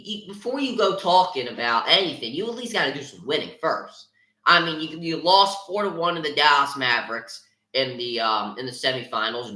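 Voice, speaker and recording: Young male podcast host, bright edgy tone, opinionated, roomy echo. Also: mid-range voice. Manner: opinionated, many filler ums and restarts. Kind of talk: casual sports talk.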